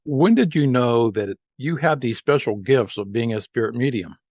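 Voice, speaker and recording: A man hosting a podcast interview, hoarse and losing his voice, talking in a halting way and repeating words. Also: medium pitch, expressive, a little mellow, no echo, clean studio sound. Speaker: podcast host.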